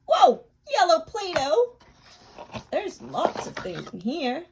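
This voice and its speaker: A woman hosting a children's video, narrating playfully with gasps and wide-eyed excitement to a young viewer. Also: high voice, slow pace, a little hiss or hum. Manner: gasping, wide-eyed excitement, drops to a soft whisper at times. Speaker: children's educational video host.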